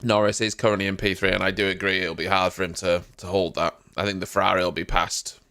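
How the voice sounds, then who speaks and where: A man's voice: sits low, flat delivery, quick pace, sharp tone. A man hosting a live stream early in the morning, still half asleep, drowsily chatting with viewers and greeting them by name. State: sleepy, just woken up. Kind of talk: casual live reaction chat.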